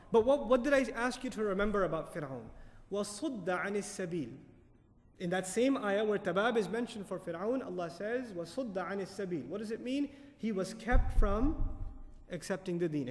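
A man lecturing on Quran commentary, animated, asking the audience questions and reciting Arabic verses quickly. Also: high voice, in a large hall. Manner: animated, asks the audience questions and answers them. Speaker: Quran teacher.

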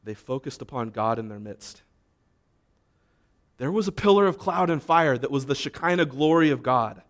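A pastor preaching to his congregation in an easy, conversational way. He asks the listeners direct questions and slips into short acted-out complaints to make his point. His voice sits at an ordinary middle pitch. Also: animated, moderate pace. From United States. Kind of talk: sermon.

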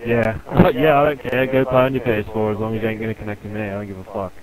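A man's voice: fairly low pitch, level tone, fast talker, a crowd in the background, rough recording. A man taunting and abusing another player in online game voice chat. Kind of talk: heated voice chat.

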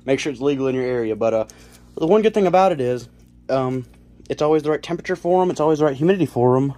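A young man from South Carolina, a casual reptile-keeper vlogger, gives a home-build tutorial in his cluttered bedroom while slightly out of breath. His mellow, medium-pitched voice is expressive and racing, and he rambles, corrects himself, and uses lots of fillers.

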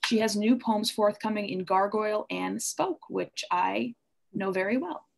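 Woman MC, reading series host, halting intros, slightly gravelly. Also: mid-range voice. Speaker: guest MC. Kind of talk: introducing readers. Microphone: livestream home mic.

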